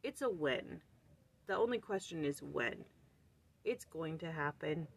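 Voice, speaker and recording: Her voice is low and slightly rough, with lively intonation and an unhurried pace. She runs a daily scripture study channel and leads a casual session, earnestly thinking aloud, sighing, restarting, and hunting for words while urging questions on whoever is listening.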